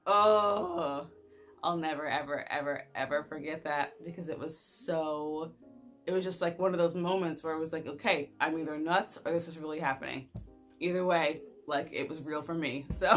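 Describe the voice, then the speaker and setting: With a voice on the low side, a young woman vlogger recounts something personal in a relaxed, animated style, often laughing and using lots of fillers.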